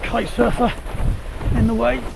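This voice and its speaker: A man giving casual, excitable running commentary while windsurfing outdoors on the sea, laughing often. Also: very high-pitched, a little slow, gravelly. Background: wind noise.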